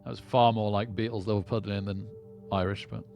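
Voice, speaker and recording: A man's voice: lowish voice, flat delivery, moderate pace, darkish tone, faint music behind. A man chatting casually to viewers on a live poker stream. He rambles and often repeats words as he starts a sentence. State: lightheaded.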